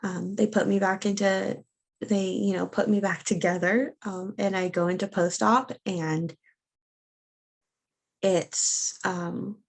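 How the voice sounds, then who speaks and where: Gravelly-voiced woman telling her story. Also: mid-range voice, fairly even intonation. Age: young adult. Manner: halting, many fillers and restarts. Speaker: interview guest sharing her birth story. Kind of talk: personal storytelling.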